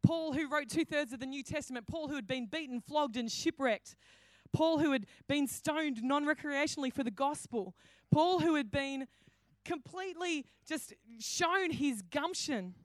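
Lively higher-voiced woman pastor preaching. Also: moderate pace, few pauses, no echo. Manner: animated storytelling, acting out quoted voices. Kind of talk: sermon. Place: church hall.

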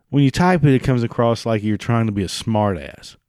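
A man's voice: fairly low pitch, expressive, normal speed, few pauses, darkish tone, smooth, no room sound, studio quality. A man ranting in a sarcastic, mocking, profane monologue. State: prone to coughing fits.

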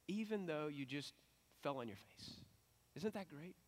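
A middle-aged male pastor giving a sermon in a conversational, animated way that builds to emphatic peaks. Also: fairly high pitch, a little fast.

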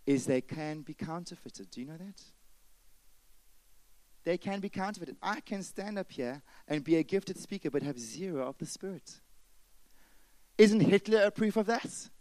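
A man preaching a sermon with passion, dropping to a hush and then rising loud again. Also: mid-range voice, no room sound, rough recording. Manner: impassioned preaching, swings from loud to hushed. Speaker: pastor.

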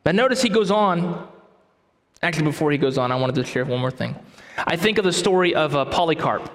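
A male pastor delivers an emphatic sermon, leaning on repeated phrases. His voice sits high for a man. The sound carries a long reverb from a large church hall. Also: animated, fairly quick, fairly bright tone.

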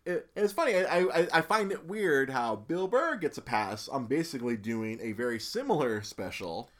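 A man's voice: mid-range voice, very animated. A man in casual chat who stumbles through restarts and fillers as he talks. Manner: halting, many restarts and fillers.

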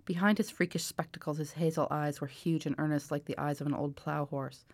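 A woman author reading aloud from her novel in a measured, expressive way. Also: deep voice, dry recording. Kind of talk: book reading.

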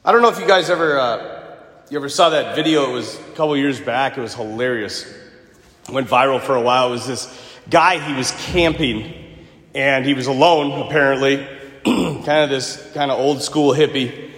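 A man, seemingly a priest, giving a joking, animated homily and often clearing his throat. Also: medium pitch, moderate pace. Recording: echoey hall with long reverb.

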